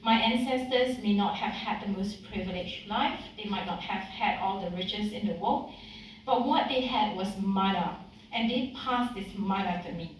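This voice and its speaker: A woman's voice: medium pitch, moderate pace, a little hiss or hum. A woman in her thirties, from Singapore, giving a heartfelt personal speech to an audience at a community event. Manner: heartfelt, slightly emotional. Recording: echoey hall mic from some distance.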